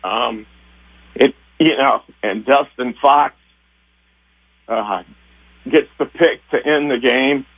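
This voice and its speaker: An older man with a husky voice reminisces about his years covering sports, stopping and restarting as the feelings come up. He sounds thin and tinny, as if he is calling in over a phone line. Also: medium pitch. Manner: rambling, halting, sentimental. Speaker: retiring TV sports director, guest. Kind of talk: emotional interview reminiscing.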